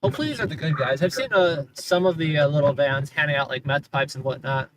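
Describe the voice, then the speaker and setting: A man with a slightly high voice talks to his livestream viewers from the driver's seat, keeping up a chatty, sarcastic running commentary. He grumbles at other drivers and jokes dryly. A faint hum of street noise sits behind him. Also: quick pace, fairly bright tone, rough recording. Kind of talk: casual livestream commentary while driving. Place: inside a car on city streets.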